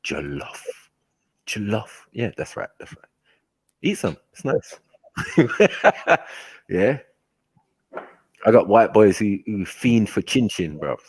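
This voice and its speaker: A man telling stories in a casual chat, animated and slangy, laughing often. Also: lowish voice, slow, pauses often, slightly rough, no room sound. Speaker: host.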